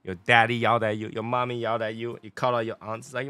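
A man's voice: medium pitch, level tone, fast talker, sharp tone, no room sound. A man from Taiwan, chatting through a casual review in a rambling, playful way. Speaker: cigar and spirits reviewer.

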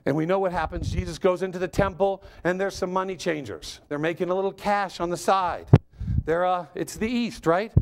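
A man preaching as a guest speaker, telling the story in an animated, joking, conversational way. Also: high-pitched, a little fast, slight background noise. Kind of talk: sermon.

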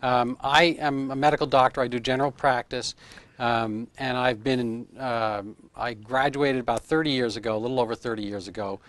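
A man's voice: mid-range voice, steady tone, moderate pace, fairly bright tone, no echo. A man in his fifties, a medical doctor being interviewed in casual chat, rambling through explanations with homespun comparisons. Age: 50s.

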